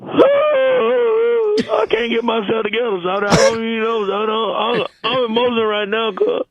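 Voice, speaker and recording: A man voicing a brash, needy man who keeps saying "shout out" and "Shawty" on a radio comedy bit. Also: extremely high pitch, fairly quick, highs cut off, crowd noise, pitched below the performer's own voice. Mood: sobbing. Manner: says "shout out" and "Shawty" constantly; sobbing, overcome with emotion. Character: brash, needy adult man, a regular caller.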